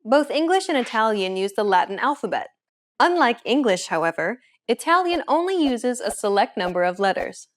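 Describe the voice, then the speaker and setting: A woman hosting a language course, explaining points in clear, friendly scripted narration. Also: on the high side, very animated, normal speed.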